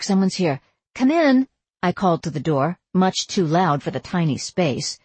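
A woman narrating a first-person audiobook in an even storytelling voice with wry asides. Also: lowish voice, slightly rough, no echo.

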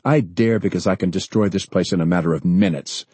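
A resolute man, as the narrator voices him lays out threats in a firm, steady way. His low voice is husky and warm, close to the mic. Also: a little fast, no room sound. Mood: threatening. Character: resolute male citizen leader, threatening.

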